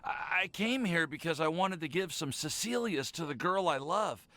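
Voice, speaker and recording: A man's voice: a little high, animated, moderate pace, pushed and bright, no room sound. An actor voicing a nervous, lovestruck young man in a game, who stammers when flustered. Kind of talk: game voice acting.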